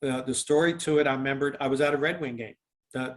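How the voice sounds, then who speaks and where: Man, from Canada, interview guest, casual storytelling, rambling, lots of fillers, acts out dialogue, medium pitch. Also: fairly even intonation, fast. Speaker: former football kicker, guest.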